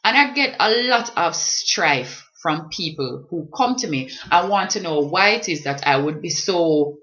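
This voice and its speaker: A woman's voice: deep voice, expressive, unhurried, a bit bright, dull audio. A woman from Jamaica with a Jamaican accent, talking as a vlogger in an impassioned, emphatic way. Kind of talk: reflective talk on language.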